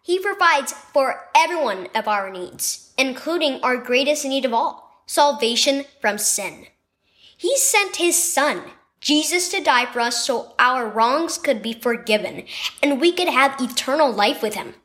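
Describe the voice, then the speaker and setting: A woman voicing a gentle father in a children's storybook devotional, calmly explaining. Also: sits high, a little slow. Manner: calm, explaining.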